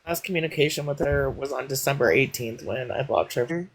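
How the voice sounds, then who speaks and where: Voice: medium pitch, a little fast, low-quality recording. A livestream caller in casual chat, giving dates in a matter-of-fact way. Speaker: live stream participant.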